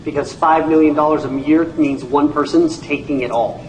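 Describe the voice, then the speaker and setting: A man with a high voice gives a lively sales pitch at a whiteboard, making his points with jokes and stories. He is recorded from some way off in an echoey room, with a faint hum of ambience behind him. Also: normal speed, distant mic. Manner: lively, jokey, tells stories to make points. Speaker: presenter at a whiteboard. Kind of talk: sales presentation.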